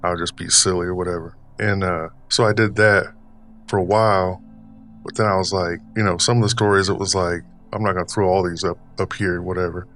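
Male podcast host, deep low register, put-on older Southern drawl, loose rambling storyteller. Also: little pitch movement, fairly bright tone, faint music behind. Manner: deliberately puts on an older man's voice; rambling, filler-heavy, unhurried delivery. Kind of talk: casual storytelling monologue.

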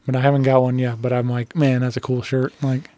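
A man with an ordinary mid-range voice hosts a relaxed podcast chat. He rambles and circles back, agreeing readily with his guest, and his voice sounds dry and close to the mic. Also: mid-range voice, dry recording. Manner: rambling, many fillers and restarts, quick to agree. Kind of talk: casual chat.

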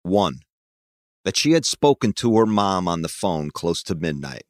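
A man narrating a true crime story in a measured, somber scripted read. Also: low-pitched, big pitch swings, no echo, studio quality.

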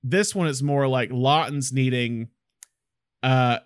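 A man's voice: mid-range voice, takes it slowly, clear, resonant tone, no echo, clean studio sound. A man co-hosting a casual film discussion, talking enthusiastically and acting out quotes from the movie.

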